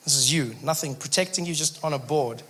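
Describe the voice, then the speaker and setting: Animated comedian, bright voice. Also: male voice, fairly high pitch, brisk, slightly rough. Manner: animated storytelling, acting out voices. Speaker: stand-up comedian. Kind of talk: stand-up comedy.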